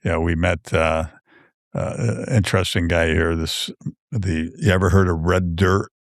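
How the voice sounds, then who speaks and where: A man with a very low, deep voice tells meandering stories as a podcast guest. He restarts often and fills the gaps with "uh" and "you know". The studio sound is dry and close. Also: fairly even intonation, unhurried, no echo. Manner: rambling storyteller, many restarts and fillers. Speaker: author guest. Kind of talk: casual podcast chat.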